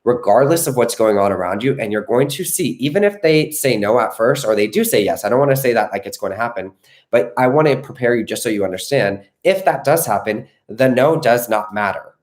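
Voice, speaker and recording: Male coach, mid pitch, earnest reassuring live-stream delivery, frequent "okay?" check-ins. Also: animated, brisk. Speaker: manifestation coach.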